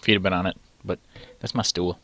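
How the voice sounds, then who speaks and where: Man, low voice, gamer reading text game, sarcastic asides, dry close mic. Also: steady tone, fairly quick, bright, forceful tone, no room sound. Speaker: let's play gamer.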